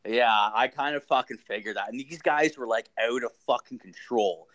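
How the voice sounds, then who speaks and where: Young guy host, swears nonstop, rambling animated anecdotes, mid-pitched. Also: normal speed. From Ontario, Canada. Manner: profane, rambling, animated storyteller. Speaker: podcast host. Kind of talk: casual storytelling chat.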